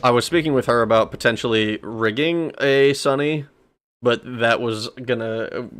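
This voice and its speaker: A man's voice: medium pitch, moderate pace, a bit bright, clean tone, soft background music. A man streaming a game live, rambling with stammered restarts, frequent laughs and casual swearing.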